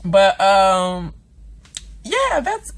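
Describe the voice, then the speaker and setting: A woman's voice: mid-range voice, huge pitch swings, drawn-out words. A woman vlogger giving a casual, dramatic reaction rant about a TV episode, swearing freely and acting out the characters. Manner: chatty with many fillers and asides.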